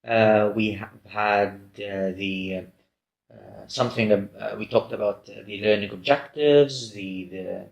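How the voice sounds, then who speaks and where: Guy lecturing slow, lots of uhs and restarts, roomy echo. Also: fairly low pitch, creaky, dull audio. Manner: hesitant, many fillers and restarts. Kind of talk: recorded lecture.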